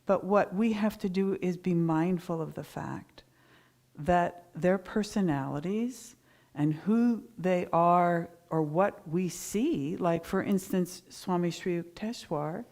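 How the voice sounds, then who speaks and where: Lively woman telling a sermon story. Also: lowish voice, takes it slowly, vocal fry. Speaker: minister giving a Sunday talk.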